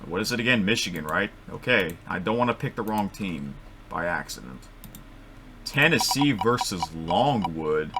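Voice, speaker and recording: A man thinking aloud as he makes picks at his computer microphone, rambling and correcting himself, with sudden excited outbursts. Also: low-pitched, normal speed, noisy background. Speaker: vlogger making bracket picks. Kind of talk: casual thinking-aloud commentary.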